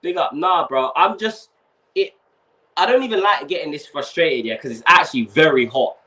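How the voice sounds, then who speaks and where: A young man hosts a casual fan livestream, ranting in slang and swearing as the heat gets to him. His voice sits a little high and swings wildly up and down. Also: lively intonation, moderate pace, pushed and bright. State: overheated. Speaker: fan channel host.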